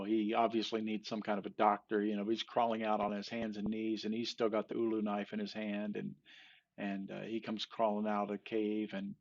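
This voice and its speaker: A man with a low, gravelly voice tells a long joke at an easy pace, stopping often for fillers and restarts. The recording sounds dull and lo-fi. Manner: rambling, many fillers and restarts. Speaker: joke teller. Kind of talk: casual storytelling.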